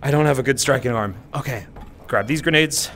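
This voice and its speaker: A male streamer giving casual gameplay commentary, excitable and swearing as he talks back to the game. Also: mid-range voice, a little fast, a little hiss or hum.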